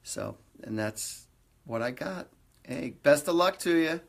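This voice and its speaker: A man's voice: fairly high pitch, expressive, takes it slowly, creaky. A man hosting a live stream, giving psychic readings in a rambling, conversational way with lots of fillers. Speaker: psychic medium host.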